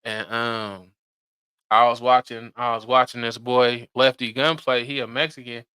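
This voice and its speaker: A man's voice: mid-range voice, flat delivery, a little slow, pushed and bright, clean tone, dry recording. A man hosting a casual podcast, talking loosely and rambling in slang with lots of fillers. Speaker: podcast host.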